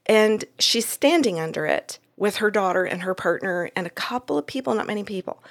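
A woman telling a story from a client session in a casual, animated way, acting out the voices in it and laughing often. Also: mid-range voice, brisk, vocal fry.

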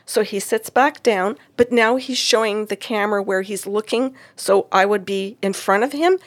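A woman, a psychic medium, telling a story from a client session in casual chat, lively and expressive, acting out what people said with big jumps in pitch. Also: moderate pace, dry recording.

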